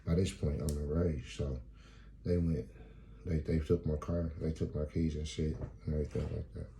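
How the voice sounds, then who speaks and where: Low, mellow-voiced man telling a profane story. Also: normal speed, vocal fry, slight background noise. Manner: profane, animated storytelling with acted-out dialogue. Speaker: stand-up comedian. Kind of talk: freestyle stand-up storytelling.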